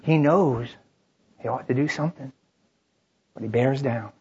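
A man's voice: medium pitch, measured pace, a little mellow, husky, muffled recording. A man preaching, telling a story in the third person in short dramatic lines with frequent restarts. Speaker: pastor. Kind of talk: sermon storytelling.

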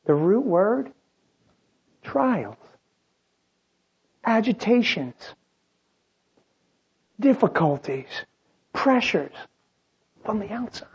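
A preacher talks slowly in a husky, breathy voice, moving between loud dramatic peaks and quiet, drawn-out lines. The recording sounds dull and lo-fi. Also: medium pitch, big pitch swings. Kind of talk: sermon.

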